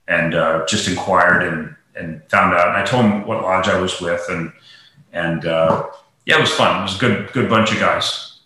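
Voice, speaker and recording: Brief: male guest, bright rambling delivery full of fillers, very echoey room. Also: deep voice. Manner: rambling, many fillers and restarts. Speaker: guest, golf professional. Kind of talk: casual interview talk.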